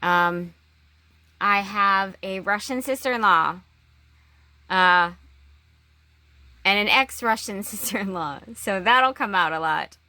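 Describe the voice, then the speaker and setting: A woman talking in a casual personal vlog, halting, with long pauses and restarts. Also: medium pitch, pushed and bright, dry recording. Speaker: vlogger.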